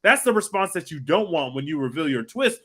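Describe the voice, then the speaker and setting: Man, podcast co-host, casual movie review, animated, emphatic, bright voice. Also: a little high, fairly quick.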